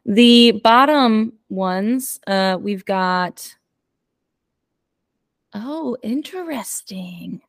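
A woman's voice: medium pitch, dry recording, studio quality. A woman co-hosting a podcast in casual chat, playfully reading out listener stats. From United States. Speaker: podcast co-host.

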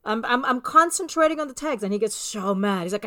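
A woman hosting a casual podcast chat, animated and laughing as she tells stories, dropping in Spanish words. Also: on the high side, fast talker, few pauses. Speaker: podcast host.

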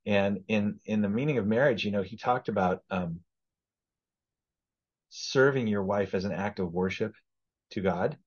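Man, low husky voice, earnest conversational guest, dull lo-fi podcast sound. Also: moderate pace, pauses often. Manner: earnest, speaks of faith. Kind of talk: casual testimony conversation.

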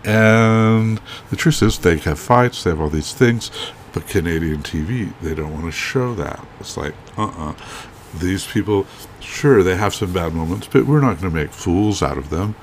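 A man with a very low voice co-hosts a podcast, chatting casually and rambling from point to point. He jokes and restarts his sentences often, and a faint hiss sits under the recording. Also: lively intonation, moderate pace. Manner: rambling, joking, many restarts. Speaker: podcast co-host. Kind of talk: casual chat.

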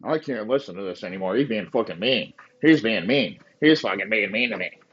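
A man doing a low, whiny offended listener. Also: lively intonation, a little fast, a bit bright, slightly rough. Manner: low sulky whining. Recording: dull lo-fi sound.

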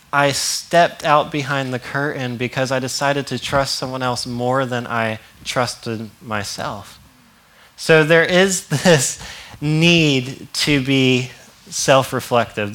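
A man's voice: medium pitch, fairly bright tone. A young man preaching a sermon in a casual, conversational way, often laughing and acting out quotes. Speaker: pastor.

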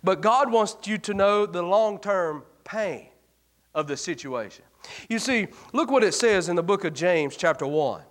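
A man preaching a revival sermon, telling folksy stories that swing from low murmurs to shouted exhortation. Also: animated, unhurried.

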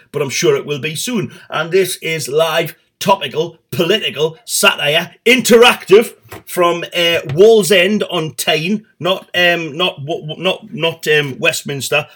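A man's voice: fairly high pitch, bright, forceful tone. A middle-aged man hosting a satirical comedy show, rambling and swearing with stumbling restarts.

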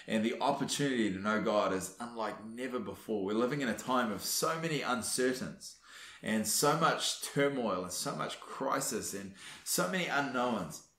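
A man giving an earnest, urging devotional teaching, often pausing on fillers and restarting his sentences. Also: mid-range voice, animated, a bit bright, reverberant. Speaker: Christian teacher.

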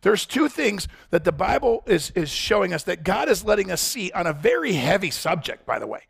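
High gravelly preaching man. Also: big pitch swings, fairly quick, no echo, studio quality. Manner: passionate, repetitive, direct address to congregation. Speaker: pastor. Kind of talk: sermon.

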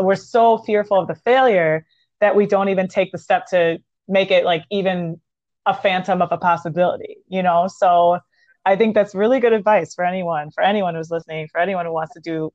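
A woman's voice: lowish voice, darkish tone, no echo. A woman hosting a podcast interview, supportive and encouraging with light giggles. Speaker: podcast host. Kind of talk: casual interview chat. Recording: dry, dull lo-fi sound.

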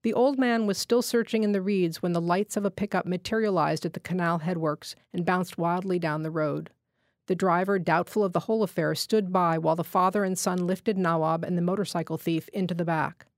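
A woman reads a short story aloud, measured and steady. Her voice sits low, and the studio sound is dry and close. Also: no room sound. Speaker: guest reader. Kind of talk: literary reading.

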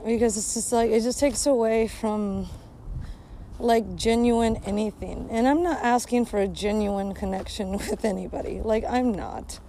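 A woman with a fairly high, mellow voice speaks a little slowly as she vents in a casual vlog, holding her phone outdoors at a park. She's bitter and sarcastic, swearing a lot, and a faint hiss or hum runs under the audio.

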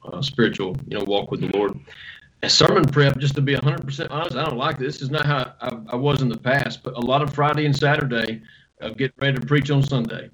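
A pastor, answering interview questions in a relaxed, storytelling way with self-deprecating humor. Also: male voice, medium pitch, rough recording.

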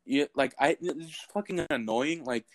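A young man telling stories in a casual chat, animated and profane, often bursting into loud exclamations. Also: fairly high pitch, normal speed, dry recording.

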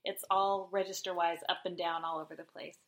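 A woman co-hosting a casual recap chat, opinionated and quick to tease. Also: lowish voice, little pitch movement, fairly bright tone. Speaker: podcast co-host.

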